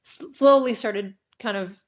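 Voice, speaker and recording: Young woman musing, hedging softly. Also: mid-range voice, measured pace. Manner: thoughtful storyteller, hedging with "I guess". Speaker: podcast co-host. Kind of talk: casual chat.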